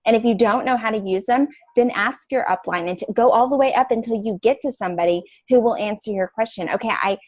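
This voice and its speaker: A woman hosting a motivational coaching call, giving an energetic, playful and emphatic pep talk to her sales team. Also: on the high side, quick pace, few pauses, dry recording. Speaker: call host.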